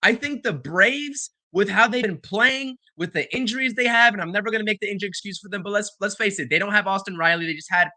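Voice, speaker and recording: A man's voice: high-pitched, quick pace, few pauses, pushed and bright, dry recording. A man co-hosting a sports talk show, arguing his point emphatically. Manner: emphatic, argumentative. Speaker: podcast co-host.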